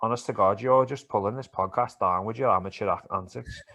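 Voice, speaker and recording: A man co-hosting a podcast, chatting in a sweary, animated, teasing way. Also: fairly low pitch, a little fast, gravelly. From England. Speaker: podcast co-host. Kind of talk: casual banter about football and MMA.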